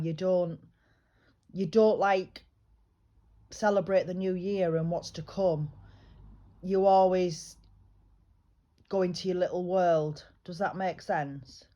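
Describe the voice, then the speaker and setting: A woman working as a psychic medium, giving a private reading in a chatty, reassuring way, often pausing and restarting her sentences. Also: lowish voice, warm tone, dull audio. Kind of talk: private spiritual reading, casual chat.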